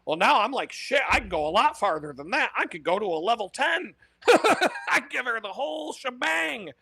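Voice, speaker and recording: A man rattles off a brash, foul-mouthed story and laughs at his own punchlines. His voice sits high and bright. The mic is close and dry, with no room sound at all. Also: big pitch swings, normal speed, gravelly, slightly rough, no echo. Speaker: podcast host. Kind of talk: casual profane storytelling monologue.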